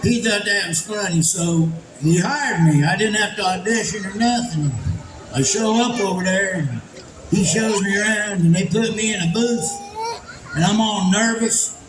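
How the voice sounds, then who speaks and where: A man doing stand-up with a drawling, folksy manner and a fairly high voice. He is picked up by a stage mic in an echoey venue, with steady noise behind him. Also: normal speed. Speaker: stand-up comedian. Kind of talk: live stand-up storytelling. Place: large indoor event venue.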